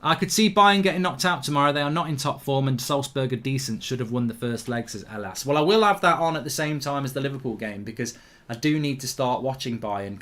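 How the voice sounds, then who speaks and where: A man's voice: medium pitch, fairly bright tone. A man hosting a live football watchalong, chatting opinionatedly and reacting to the match. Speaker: host.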